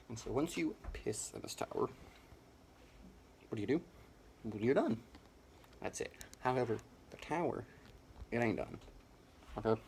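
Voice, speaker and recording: A man's voice: mid-range voice, measured pace, pauses often, a little hiss or hum. Rambling young man in a mock speech. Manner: rambling, absurd deadpan bluster. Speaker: comedian.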